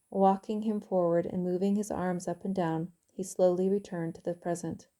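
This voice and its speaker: A woman author reading her own novel aloud in calm, even audiobook narration. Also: fairly low pitch, moderate pace, hardly any pauses.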